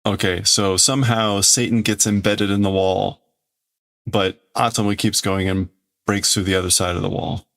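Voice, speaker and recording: A man's voice: sits low, fairly even intonation, moderate pace, gravelly, a bit bright. A man who streams himself translating a comic, talking casually and thinking aloud with many hedges. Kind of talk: casual live commentary.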